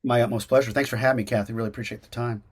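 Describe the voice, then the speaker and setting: A man, an actor and acting teacher, giving casual interview answers over a video call, talking in an animated way with many restarts and fillers. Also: medium pitch, rapid-fire.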